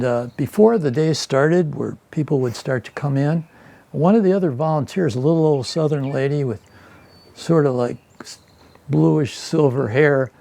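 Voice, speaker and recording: An older man in his eighties with a gravelly, mellow voice, pitched a little high for a man. He tells stories at an easy pace, halting often with uhs and chuckling along. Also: dry recording. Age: 80s. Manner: hesitant with many uhs, chuckles at own stories. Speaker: interview guest. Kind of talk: casual storytelling.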